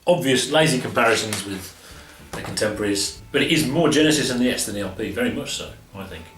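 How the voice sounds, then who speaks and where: A man's voice: medium pitch, animated, quick pace, fairly bright tone. A man casually chatting as co-host of an album review show, rambling and laughing often. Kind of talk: casual chat. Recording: roomy, slightly distant sound with faint music.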